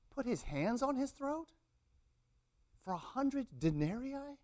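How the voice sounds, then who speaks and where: A man's voice: a little high, a little mellow. A middle-aged man preaching a sermon, acting out the people in the story with rising intensity. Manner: dramatic, acts out quotes with rising intensity.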